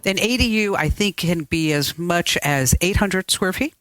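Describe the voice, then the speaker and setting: A woman's voice: on the low side, moderate pace, fairly bright tone, dry recording. A woman hosting a podcast in casual chat, chatty and laughing often, recorded in a studio. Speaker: podcast host. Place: studio with chairs.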